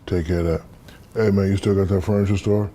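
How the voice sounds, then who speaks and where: A man in his fifties from the United States, an interview guest telling stories in a relaxed, casual way and acting out the voices in them. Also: deep voice, fast, slight background noise. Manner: relaxed storyteller, acts out quoted dialogue.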